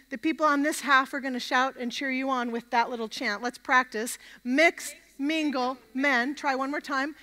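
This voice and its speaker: A woman with a high, bright, forceful voice preaches an interactive camp meeting sermon. She energetically drills the crowd through chants, and her voice rings with the long reverb of a large hall. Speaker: guest preacher.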